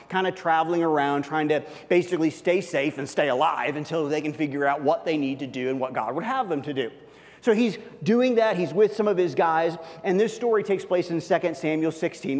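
A man with a fairly high voice preaches a sermon in an easy, conversational way, leaning on fillers and asides. His voice rings with the long reverb of a large hall. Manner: conversational, heavy use of fillers. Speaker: pastor.

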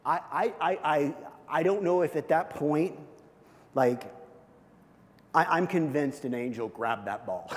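A man preaching through a story, lively at times and dropping to a hushed near-whisper at the tender moments. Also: on the high side, unhurried. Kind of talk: storytelling sermon. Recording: long hall reverb.

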